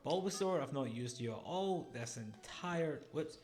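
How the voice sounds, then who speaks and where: A man casually commenting on his own game playthrough, chatty and thinking out loud about each move. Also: a little high, expressive, a little slow. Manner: chatty, thinks aloud over choices. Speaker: gaming channel host. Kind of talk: casual let's-play commentary. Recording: game music underneath. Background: game music.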